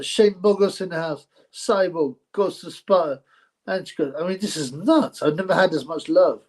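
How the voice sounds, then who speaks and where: Man, live-stream host, casual rambling chat, slightly high voice. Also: lively intonation, takes it slowly, a little mellow. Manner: rambling, repeats phrases, effusively thanks donors. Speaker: livestream host reading donations.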